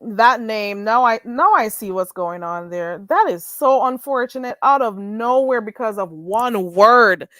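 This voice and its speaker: A woman hosting a live stream, chatting in an animated, gossipy way with callers. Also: a little slow, hardly any pauses, no room sound, clean studio sound. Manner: animated, gossipy, mimics others in a high voice. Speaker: livestream host. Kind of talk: casual live-stream chat.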